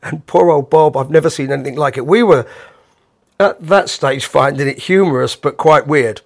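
A man, a bandleader, casually telling a rambling, animated anecdote with the odd chuckle. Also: fairly high pitch, moderate pace, creaky.

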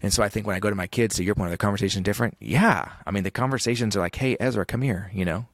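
A man's voice: lowish voice, rapid-fire, fairly bright tone, dry recording, studio quality. A man in his thirties, a podcast guest talking in an earnest, reflective way with frequent restarts. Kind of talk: podcast conversation.

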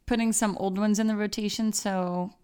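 A woman's voice: mid-range voice, fairly even intonation, normal speed, mellow, clear, resonant tone. A woman co-hosting a podcast over a video call, making dry, teasing jokes in casual chat. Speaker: podcast co-host.

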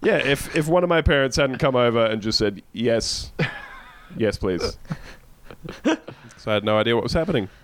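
A man's voice: medium pitch, lively intonation, quick pace. Sweary jokey Australian man. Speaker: podcast co-host. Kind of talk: casual comedic chat.

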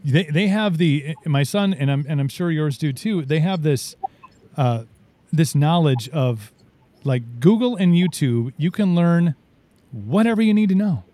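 A man chatting casually as a talk show host, telling stories in an animated way and acting out the quotes. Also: fairly high pitch, a little slow, no echo. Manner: animated storyteller, acts out quotes. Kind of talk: casual chat.

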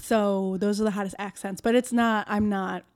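A woman's voice: mid-range voice, steady tone, moderate pace, a little mellow. Chatty woman, laughing often. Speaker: comedian guest. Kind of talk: casual podcast chat.

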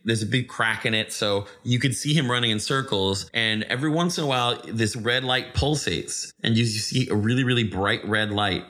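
Bright-voiced rambling male game master. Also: medium pitch, normal speed, hardly any pauses. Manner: rambling, many restarts and fillers. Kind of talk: narrating a tabletop game.

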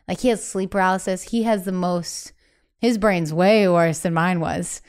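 A young woman, a podcast guest, telling her own story candidly and acting out what family members said in quick bursts. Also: fairly low pitch, fairly even intonation, darkish tone, clean tone. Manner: acts out quoted family speech, breathless bursts.

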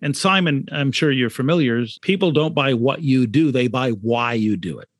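A man's voice: medium pitch, normal speed, no room sound, clean studio sound. A man, an author and brand consultant, talking in a podcast interview, emphatic, repeating key points and asking rhetorical questions.

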